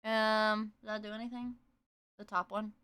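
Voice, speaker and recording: A woman streamer chatting casually with her viewers, giggly and excitable. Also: medium pitch, normal speed, clear, resonant tone. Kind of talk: casual live-stream chat.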